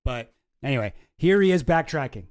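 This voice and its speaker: A man's voice: medium pitch, animated, brisk, smooth, no room sound, studio quality. A man hosting a stream, reacting to clips with rambling, profane, sarcastic chat. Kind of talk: casual chat.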